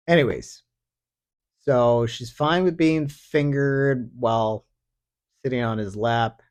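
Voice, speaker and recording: A man's mid-range voice, darkish in tone with lively intonation, moves slowly as he hosts a podcast by himself. He tells a story in a loose, sardonic ramble, cursing and using many fillers.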